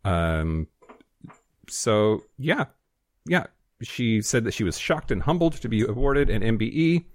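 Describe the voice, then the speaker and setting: A man's voice: mid-range voice, big pitch swings, measured pace, no echo. A man co-hosting a podcast in a studio, reading news items with blunt, profane sarcasm. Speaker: podcast co-host. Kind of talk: casual chat, reading news.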